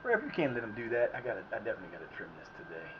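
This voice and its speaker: A man's voice: on the low side, huge pitch swings, rapid-fire. A man streaming a soccer video game, chatting casually and rambling to himself between reactions to the plays. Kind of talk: casual live-stream commentary. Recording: slightly muffled with faint background noise.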